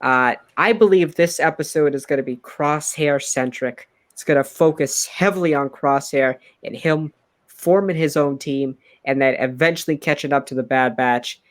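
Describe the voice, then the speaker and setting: A man's voice: fairly high pitch, moderate pace. A man co-hosting a casual fan podcast, blunt and opinionated, laughing easily. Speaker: podcast co-host.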